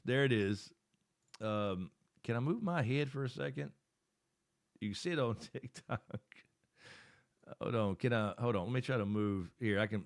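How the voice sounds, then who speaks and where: A middle-aged man hosts a live stream from his home setup in a casual, rambling way. He thinks aloud as he works his screen. His voice sits low and sounds dry and close, with no room echo.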